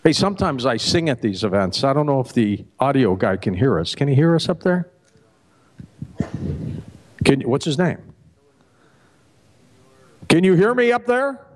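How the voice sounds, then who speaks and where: Animated man telling a joke on stage. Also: a little slow, pauses often. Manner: animated, acts out the characters with pitch jumps. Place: festival stage before an audience.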